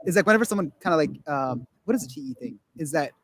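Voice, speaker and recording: A man's voice: on the high side, expressive, rapid-fire, fairly bright tone, breathy edge. A man talking casually on a podcast, rambling with many restarts and acting out quotes of other people. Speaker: guest.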